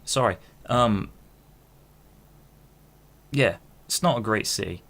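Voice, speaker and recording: A man in his twenties hosts a podcast, rambling through a solo monologue where he keeps interrupting himself and swears casually. His voice sits on the low side, a bit bright, and he takes his time.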